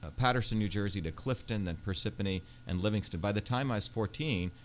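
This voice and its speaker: A man's voice: lowish voice, fast talker, a little hiss or hum. A man, a Senate candidate telling his life story earnestly in a radio studio interview, with many fillers. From India.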